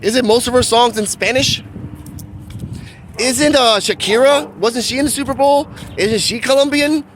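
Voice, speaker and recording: A man's voice: very high-pitched, a little slow, a bit bright, faint music behind. A man from Puerto Rico hosting a casual reaction vlog, blunt and fond of rhetorical questions. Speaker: reaction channel host.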